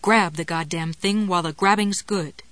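A woman voicing the hushed, teasing inner voice of a blunt female friend in an audiobook. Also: on the low side, moderate pace, natural voice. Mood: needling.

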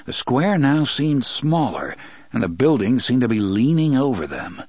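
Male audiobook narrator, expressive, husky tone, dry booth sound. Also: mid-range voice, unhurried, dry recording. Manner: expressive storytelling, many voices. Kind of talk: scripted narration.

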